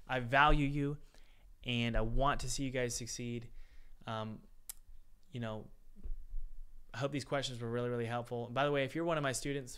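A man with a medium-pitched, fairly bright, clean voice hosts a live-stream Q&A for a game dev course, answering live chat. He's chatty and upbeat, calling his viewers "guys."

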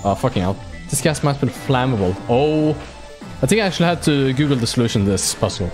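A young man commenting on a horror game he is playing, excitable and swearing often while reading on-screen text aloud. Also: medium pitch, fast talker, music in the background. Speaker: gaming streamer. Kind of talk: let's play commentary.

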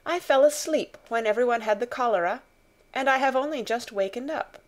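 A woman's voice: a little high, a little fast, pitched above the performer's own voice, lightly acted. A woman reading the lines of a cross, spoiled little girl in an audiobook, sounding stiff and demanding. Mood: indignant. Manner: imperious, indignant questions.

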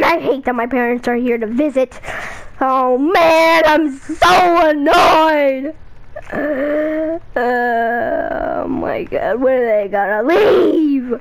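A woman's voice: high-pitched, takes it slowly, vocal fry, rough recording. A woman voicing an exasperated teenage son with an eye-rolling manner.

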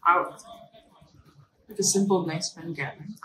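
A woman's voice: fairly low pitch, moderate pace, sharp tone, roomy sound, rough recording. A married woman with a Hong Kong English accent co-hosting a casual podcast mukbang chat, often hesitant and trailing off. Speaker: podcast co-host.

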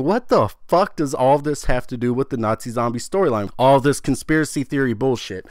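Excitable, swearing young man on a dry mic. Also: medium pitch, brisk, hardly any pauses, dry recording. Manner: excitable, swears freely, rambling and self-interrupting. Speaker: gaming channel host. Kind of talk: casual video commentary on a game storyline.

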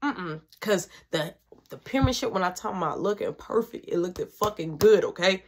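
A woman's voice: medium pitch, animated, moderate pace. A woman telling a personal story in casual, slangy, profane speech.

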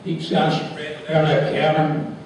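A man telling a folksy story to a live crowd, animated and laughing as he goes. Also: on the high side, unhurried, slight background noise. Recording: echoey hall from far off.

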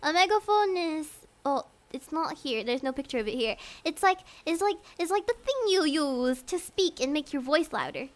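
A woman's voice: high-pitched, lively intonation, moderate pace, hardly any pauses. A young woman from Singapore, streaming and chatting casually, giggly and rambling, often laughing. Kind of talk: casual livestream chat.

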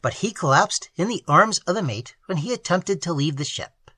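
A man narrating a story in an animated, expressive way. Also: high-pitched, normal speed, husky, dry recording. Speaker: audiobook narrator.

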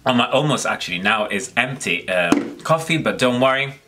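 A man's voice: mid-range voice, expressive, fairly quick, background noise. A man hosting his own makeup channel, chatting casually to the camera in a giggly, rambling way with lots of fillers. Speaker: makeup vlogger, channel host.

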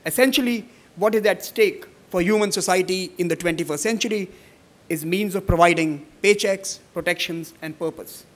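Measured man at a conference podium. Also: high-pitched. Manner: measured speaker with many "uh" fillers when he ad-libs. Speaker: conference chair giving welcome remarks. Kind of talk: formal welcome speech, partly read, partly ad-libbed.

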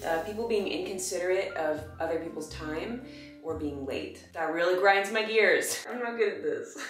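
A woman's voice: lowish voice, moderate pace. Casting: young woman vlogger, bubbly and rambling, self-deprecating humor, roomy home sound with light music underneath. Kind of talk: casual vlog monologue. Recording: echoey room with faint music.

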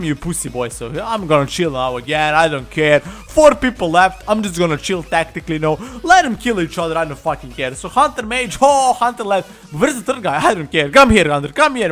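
A man's voice: high voice, a bit bright. Boastful trash-talking man gaming. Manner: laughs often. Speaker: gamer. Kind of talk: gameplay commentary. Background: faint background music.

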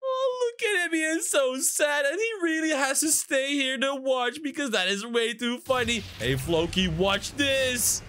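A woman's voice: high-pitched, lively intonation, measured pace, hardly any pauses, fairly bright tone. A woman hosting a Minecraft prank video, giving gleeful, teasing commentary straight to the viewers. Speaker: gaming channel host.

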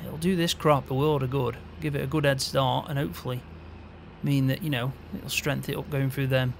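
Gravelly, easygoing man. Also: medium pitch, fairly even intonation, a little fast, slight background noise. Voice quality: easygoing, chatty, frequent mild swearing. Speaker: roleplay channel host as farm hand. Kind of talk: casual game roleplay narration.

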